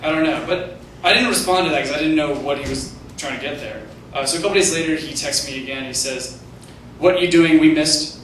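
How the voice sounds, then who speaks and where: A young man works through a stand-up set in a hesitant, self-mocking way, leaning on "like" as he goes. His voice sits a little high. It is picked up from a distance in a very echoey theater with clear noise underneath. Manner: halting, self-deprecating delivery with many "like"s. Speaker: stand-up comedian. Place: comedy theater stage.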